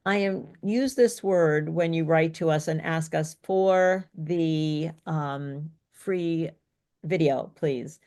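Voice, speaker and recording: A woman's voice: sits low, takes it slowly, darkish tone. A woman speech coach teaching an online workshop in an explanatory, coaching way over a video call.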